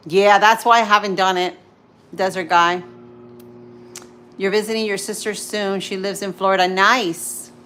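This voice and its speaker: Slow-talking woman chatting with viewers. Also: mid-range voice, fairly even intonation, a bit bright, reverberant, recorded from a distance. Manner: chatty, asking viewers where they are from. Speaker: host of a live farm cooking stream. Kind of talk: casual live-stream chat with viewers. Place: home kitchen.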